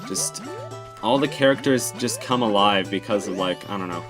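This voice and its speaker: A man's voice: lowish voice, normal speed, over music. A young man hosting a let's play, rambling in casual gameplay commentary with plenty of ums and self-deprecating asides. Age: young adult.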